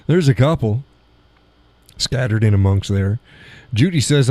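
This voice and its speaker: A man's voice: mid-range voice, animated, slow pace, pauses often, a little mellow, no echo. A man hosting a live show who chats casually and reads out audience comments, rambling and chuckling often. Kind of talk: casual chat reading audience chat.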